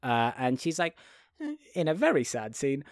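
A man co-hosting a casual film discussion, talking with many restarts and often acting out quotes in high, silly voices. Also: animated, normal speed, no echo, clean studio sound. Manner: hesitant restarts. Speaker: podcast co-host.

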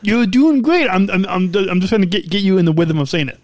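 A man's voice: high-pitched, fairly quick, no echo. A man co-hosting a podcast in casual chat, playful and teasing, often cutting in. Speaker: podcast co-host. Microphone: studio mic.

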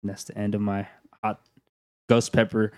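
A man's voice: lowish voice, little pitch movement, moderate pace, dry recording, clean studio sound. Laid-back man telling a story. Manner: laid-back, swearing, laughs through his story. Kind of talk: casual chat.

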